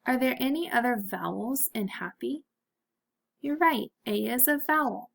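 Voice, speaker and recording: Teacher, female, slow and clear, slightly high voice, gently encouraging. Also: lively intonation. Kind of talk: phonics lesson for children.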